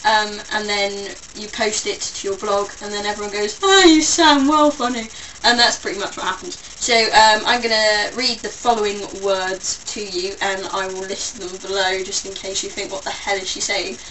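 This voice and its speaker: A woman's voice: medium pitch, little pitch movement, moderate pace, few pauses, sharp tone. A young British woman vlogging in a rambling, self-mocking casual chat to camera. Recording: distant mic with faint background noise.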